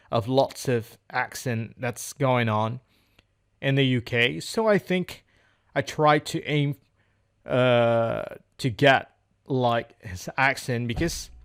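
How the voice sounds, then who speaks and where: A man speaking in an unscripted practice monologue, hesitant and searching for words, often repeating phrases as he goes. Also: medium pitch. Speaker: English learner recording speaking practice.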